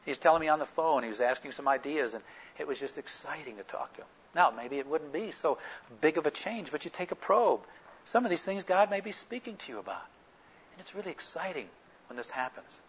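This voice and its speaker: A man preaching a sermon, telling an anecdote in an animated storytelling manner and acting out quoted dialogue. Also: on the high side, brisk, husky, dull audio.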